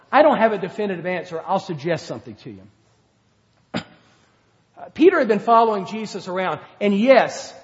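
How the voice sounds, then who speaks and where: Pastor, male, high-pitched, earnest conversational sermon, long hall reverb. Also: dull audio. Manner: earnest, conversational preaching with acted-out quotes.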